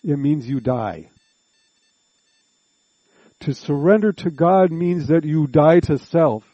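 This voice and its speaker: A man preaching a sermon, slow and deliberate, drawing out words and making earnest appeals to his listeners. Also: fairly high pitch, lively intonation, dry recording, dull audio.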